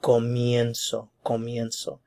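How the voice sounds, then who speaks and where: A man teaching a Spanish grammar lesson, explaining step by step in a patient, methodical way and slowly repeating each verb form. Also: medium pitch, completely flat delivery, vocal fry, mellow.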